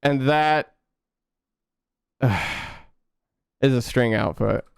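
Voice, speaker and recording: A young man chatting casually with his viewers while coding on a live stream, relaxed and quick to laugh. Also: medium pitch, creaky, clear, resonant tone, no echo, clean studio sound. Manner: laid-back, chatty, laughs often, talks to chat.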